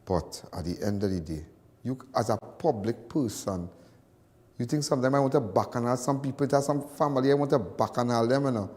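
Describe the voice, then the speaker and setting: A man's voice: medium pitch, a little fast, a little mellow, big-room sound. A man with a Trinidadian accent hosting a live call-in crime talk show, rambling and folksy and repeating himself as he talks. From Trinidad and Tobago.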